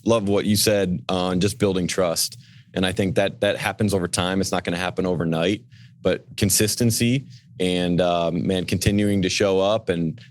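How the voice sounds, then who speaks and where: A middle-aged man, an executive pastor, speaking earnestly as a guest on a podcast, often restarting his phrases and acting out quoted voices. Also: low voice. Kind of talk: podcast interview.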